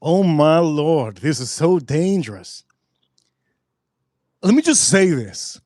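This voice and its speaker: Excitable man with a light, dry voice. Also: on the high side, slow pace, dry recording. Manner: excitable, repeats himself for emphasis. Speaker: spirits reviewer host. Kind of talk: casual live tasting review.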